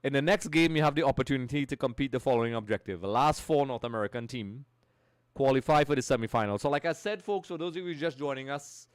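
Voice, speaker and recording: A man streaming a football game live, chatting loosely and greeting viewers as he plays. His voice sits at a middle pitch, and the sound is dry and close on a desk mic. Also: quick pace, smooth, no room sound. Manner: chatty, reads and greets the chat. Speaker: gaming streamer.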